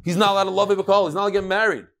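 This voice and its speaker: A man's voice: rapid-fire, vocal fry. A man teaching a Talmud class in a study hall, explaining in English and mixing in Hebrew and Aramaic terms. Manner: animated, with sudden swings up and down in pitch.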